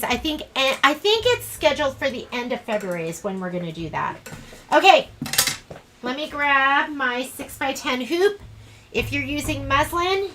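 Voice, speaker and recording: A woman's voice: sits high, pushed and bright, a little hiss or hum, poor audio. A woman teaching a live online sewing class, chatting in a rambling, self-deprecating way as she works. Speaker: sewing instructor.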